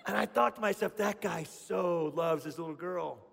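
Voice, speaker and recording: High-voiced animated male pastor. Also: normal speed, gravelly, breathy edge, long reverb tail. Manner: animated storyteller, acts out voices. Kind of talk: sermon.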